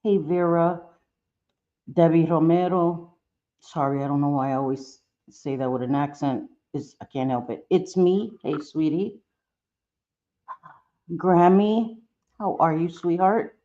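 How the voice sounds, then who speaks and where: A woman talks casually to her livestream audience in a deep, soft-edged voice, greeting viewers fondly and stopping often to apologize. Her speech is halting and full of fillers. The audio is dull and lo-fi, as from a phone or webcam mic. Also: steady tone. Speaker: live-stream host. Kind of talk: casual live-stream chat.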